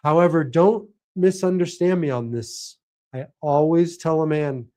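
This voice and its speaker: A man's voice: fairly high pitch, measured pace, warm tone. Earnest preacherly man. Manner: earnest, preacherly, emphatic repetitions. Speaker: host and life coach for men. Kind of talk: motivational talk.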